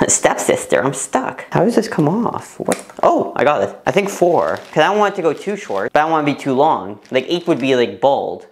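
A young man vlogging casually to the camera in a bathroom. His nervous, excitable chatter breaks into squeals and laughter. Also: fairly high pitch, fairly quick, few pauses, slight background noise. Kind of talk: casual vlog talking to camera. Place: parents' bathroom, indoors.

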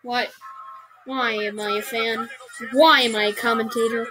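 A woman's voice: on the high side, fairly even intonation, unhurried, music in the background. A woman giving comedic reaction commentary on a wrestling show, complaining in an exasperated, melodramatic way.

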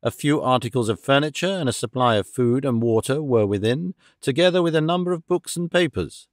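Dry, measured male audiobook narrator. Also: mid-range voice, no echo. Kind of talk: scripted narration.

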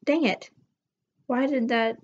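A woman's voice: a little high, steady tone, slow, husky, dull audio. A young woman vlogging casually, giggling often as she reads her text messages aloud. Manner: giggly, laughs often while reading texts aloud. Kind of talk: casual vlog narration.

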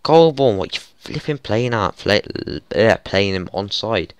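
A young man narrates his football management save in a lowish, smooth voice, recorded dry and close at a desk mic. He grumbles, swears and breaks into exasperated yells at his players. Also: animated, unhurried, dry recording. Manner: frustrated, swearing, exasperated outbursts. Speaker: gaming YouTuber. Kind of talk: football management let's play commentary.

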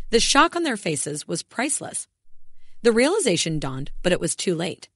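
A woman narrates a first-person animated story in a cold, determined way. Her voice is a little husky and sits on the lower side, while moving expressively in pitch. The recording is dry and close to the mic. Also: moderate pace, dry recording.

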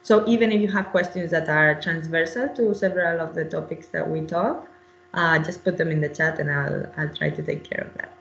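A woman's voice: sits low, steady tone, fairly quick, a bit bright, echoey room, lo-fi sound, a little hiss or hum. A woman researcher presenting in a webinar, speaking hesitantly with many fillers and restarts.

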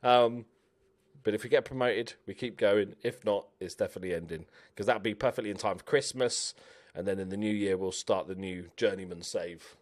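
A young man giving chatty, animated commentary while playing a game, cheering on his players. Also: lowish voice, brisk. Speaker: gaming YouTuber. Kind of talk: casual let's-play commentary.

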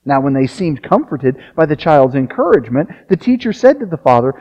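A man's voice: fairly high pitch, very animated, brisk. A male pastor preaching a sermon, reading a long passage aloud with casual asides. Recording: dull lo-fi sound.

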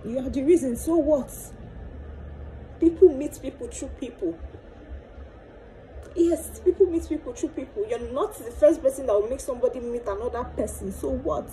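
The poor audio, with a little hiss or hum, captures a young adult vlogger whose voice is high yet dark in tone and moves at normal speed. Addressing the camera tearfully in a Nigerian accent, she pours out her pain, switching between Pidgin and Yoruba and repeating pleading questions.

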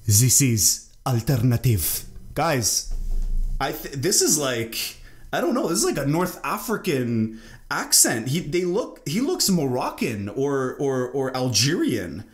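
A man's voice: on the high side, very animated, unhurried. Hesitant Lebanese man reacting. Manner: hesitant, many ums and restarts. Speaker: reaction video host. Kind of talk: casual reaction commentary.

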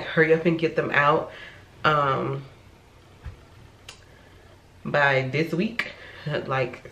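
A woman's voice: sits low, a bit bright. A woman vlogger from Florida chatting casually at home, rambling and often correcting herself mid-sentence. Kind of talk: casual vlog chat. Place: her home. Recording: echoey room with faint noise.

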